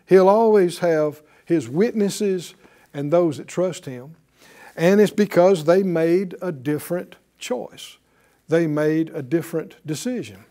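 A man's voice: fairly high pitch, takes it slowly, dark tone. A man preaching a sermon, asking the congregation questions and acting out quotes. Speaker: pastor.

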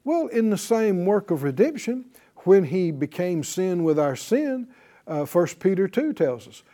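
A man's voice: high-pitched, sing-song, a little slow, warm tone. A middle-aged man teaching a sermon to a class, emphatic and full of rhetorical questions and repetition. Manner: emphatic, asks rhetorical questions and repeats phrases. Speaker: Bible teacher.

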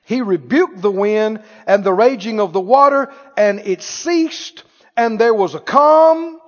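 A man preaching a sermon, animated, asking the congregation questions and acting out scenes. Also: sits high, unhurried. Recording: reverberant church hall, dull lo-fi sound.

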